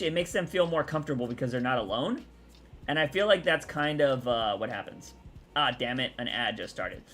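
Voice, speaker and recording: A man's voice: on the high side, a bit bright. Young man rambling on a livestream. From Texas. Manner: rambling, chatty, answers chat aloud. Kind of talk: casual livestream chat.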